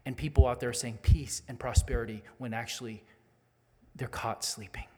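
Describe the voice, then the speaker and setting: A man's voice: mid-range voice, fairly even intonation, normal speed. A man preaching a sermon as a pastor, candid and earnest, building to urgent appeals. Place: church sanctuary. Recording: long hall reverb.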